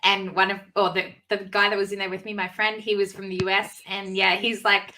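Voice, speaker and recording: Bright-voiced, bubbly Australian woman. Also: medium pitch, flat delivery, a little fast, low-quality recording. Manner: bubbly, giggly, teasing. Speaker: livestream guest. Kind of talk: casual live-stream chat.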